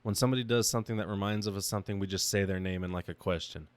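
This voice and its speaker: A young podcast host talks very fast in a low voice with fairly even intonation, recorded without room sound. His personal monologue is raw and emotional, halting and restarting.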